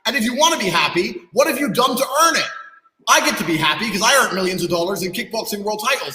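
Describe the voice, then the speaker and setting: A man's voice: high voice, animated, fast, bright, forceful tone, faint music behind. A man on a podcast ranting bluntly and profanely, lecturing his listeners. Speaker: podcast guest. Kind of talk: heated podcast rant. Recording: echoey room with long reverb.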